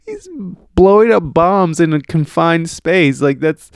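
A man's voice: a little high, a little slow, clear, resonant tone, no room sound, clean studio sound. A man casually chatting as a podcast host, crude and rambling, with many fillers and restarts as he reads news stories aloud.

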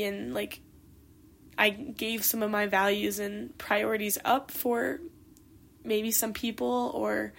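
A woman's voice: medium pitch, vocal fry. A woman in her late teens hosting her own podcast, talking candidly and from the heart in a reflective monologue, with lots of "like" and "you know.". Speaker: podcast host and competitive swimmer.

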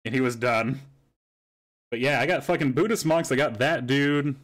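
A young man in casual podcast chat, spinning long rambling stories. His voice sits at an ordinary middle pitch. He swears freely as he talks. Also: moderate pace, fairly bright tone. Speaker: podcast host.

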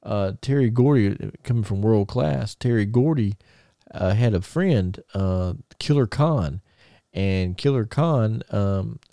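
A man hosting a podcast, telling stories in casual chat with excited, rambling restarts. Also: fairly low pitch, slow, creaky, dry recording, clean studio sound. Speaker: podcast host.

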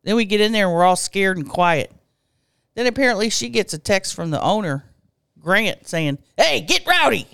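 A podcast co-host in casual chat, playful and quick to joke along. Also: medium pitch, a bit bright, clear, resonant tone, no room sound, studio quality.

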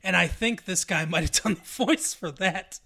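A man's voice: sits high, normal speed, creaky, bright, forceful tone. A man hosting a podcast, chatting casually, rambling and joking with frequent laughter and swearing. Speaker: podcast host.

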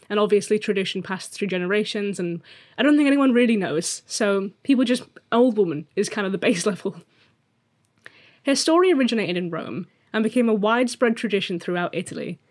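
A woman's voice: medium pitch, a little fast. A woman co-hosting a podcast, telling a folklore story in a chatty, joking way. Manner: chatty, laughs easily, jokey asides. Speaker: podcast co-host.

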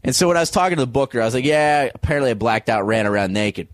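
A man's voice: mid-range voice, very fast, no echo. A man, a comedian guest, telling a wild story in an interview and acting out the other people in it. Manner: animated, acts out voices in stories.

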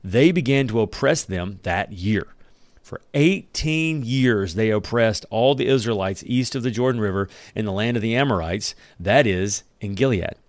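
A man's voice: on the low side, moderate pace, no room sound. A man giving a casual Bible lesson, reading verses aloud and breaking in with joking, conversational asides. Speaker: Bible study teacher.

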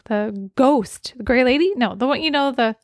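A woman co-hosting a film podcast, talking in a loose, rambling way and often correcting herself mid-thought. Her voice sits a bit high. The recording is close and dry, with no room sound. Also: lively intonation, moderate pace, darkish tone, no echo. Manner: chatty, rambling, self-correcting. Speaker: podcast co-host. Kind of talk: casual chat reviewing films.

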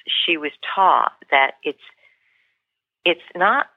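A woman's voice: on the low side, expressive, takes it slowly, no echo. A woman guest on a podcast, telling a story earnestly and with feeling, often restarting her sentences. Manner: earnest, emotional, many restarts. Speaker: guest author and leadership coach. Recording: tinny phone line, dry.

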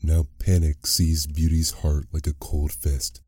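A man narrating a fairy tale as a sleep story, reading in a slow, soothing, soft way. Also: very deep voice, completely flat delivery, breathy edge, dry recording, studio quality.

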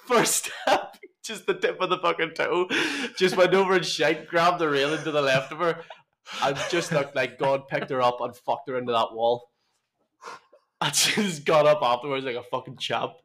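Laughing, sweary lad. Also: male voice, on the high side, big pitch swings, normal speed, fairly bright tone. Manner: swears freely, laughs often, storytelling. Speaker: podcast co-host. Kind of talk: casual chat.

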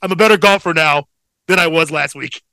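A young man co-hosting a podcast, telling a long story in a profane, rambling, animated way. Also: fairly high pitch, fairly quick, creaky, no room sound. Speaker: podcast co-host. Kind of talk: casual storytelling chat.

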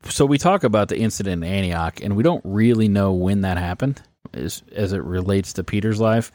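A man's voice: on the low side, fairly quick, dry recording, clean studio sound. Laid-back man hosting a podcast. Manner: relaxed storyteller, jokey asides. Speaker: podcast co-host. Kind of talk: casual podcast chat about the Bible.

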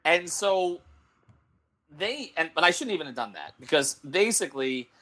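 Bright-voiced man telling a story. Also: fairly high pitch, moderate pace. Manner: animated, laughing anecdote-telling with many restarts. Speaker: sports columnist and show host. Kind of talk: casual storytelling on a talk show.

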